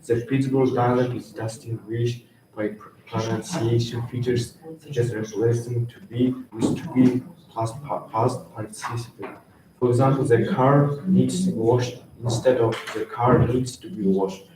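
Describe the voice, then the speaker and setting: Young man, school presentation, halting restarts, flat delivery, distant mic, echoey room, noisy. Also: mid-range voice. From Kazakhstan. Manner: reads from slides, halting, with frequent restarts. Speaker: student presenter.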